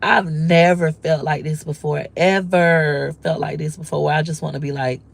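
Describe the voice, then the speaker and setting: A woman's voice: low-pitched, fairly even intonation, normal speed, gravelly. A woman in her forties, a mother of grown kids, talking candidly and emotionally to her viewers in casual slang, acting out what her husband said. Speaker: vlogger, mother.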